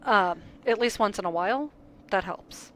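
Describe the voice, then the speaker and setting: A young mother co-hosting a casual chat, telling lively stories and acting out the quotes. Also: mid-range voice, moderate pace, slight background noise, poor audio. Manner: lively storyteller, acts out quotes. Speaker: podcast co-host.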